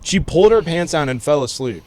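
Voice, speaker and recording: A man's voice: on the high side, lively intonation, brisk, darkish tone, no room sound. Profane, rambling man telling a story. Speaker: podcast co-host. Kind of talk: casual storytelling chat.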